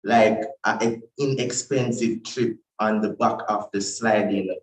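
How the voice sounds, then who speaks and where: Teen boy debating, slow and halting, far from the mic. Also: on the low side, fairly even intonation. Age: teens. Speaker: debate speaker. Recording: distant mic in echoey room.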